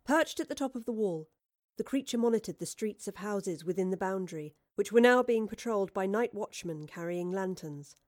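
A woman narrating an audiobook in a measured storytelling manner. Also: medium pitch, animated, a little mellow, dry recording, clean studio sound. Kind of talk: scripted narration.

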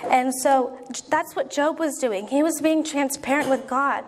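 A woman's voice: high voice, normal speed, slight background noise. A young woman preaching a sermon in an earnest, conversational way, acting out prayers as she goes.

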